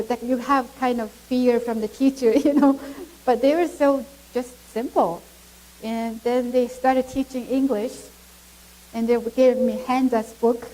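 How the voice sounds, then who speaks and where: A middle-aged woman with a Mongolian accent tells her story to a church, animated and quick to laugh. Her voice sits a little high but sounds mellow. English is her second language. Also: rough recording. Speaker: guest speaker. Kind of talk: church testimony.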